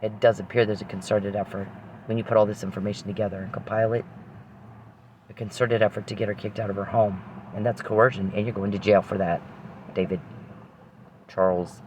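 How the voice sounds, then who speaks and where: A man's voice: fairly low pitch, flat delivery, a little fast, a little mellow, slight background noise. A man in a confrontational rant, angrily accusing someone he addresses directly, swearing and firing rhetorical questions.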